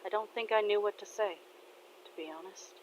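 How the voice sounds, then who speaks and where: A woman softly narrating a fan story in a casual, unhurried way. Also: medium pitch, lo-fi sound, a little hiss or hum.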